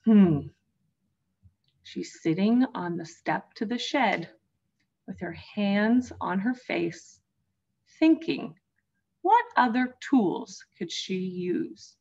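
A woman teacher reading a picture book aloud to young children, gently addressing them as friends. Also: medium pitch, slow, lo-fi sound. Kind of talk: storybook read-aloud for children.

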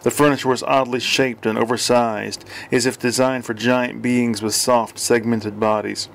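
A man reading an audiobook in dry, even scripted narration. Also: medium pitch, normal speed, creaky, a little hiss or hum.

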